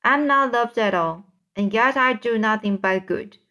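A woman's voice: a little high, a little slow, pushed and bright. A woman voicing a gloomy female spider who feels wronged, in a mournful, sighing storybook reading.

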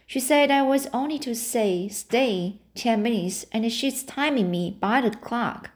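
A woman's voice: fairly high pitch, measured pace, lightly acted. A woman reading the lines of a loyal young girl, speaking earnestly and mournfully. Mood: sorrowful. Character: girl, loyal, sorrowful best friend.

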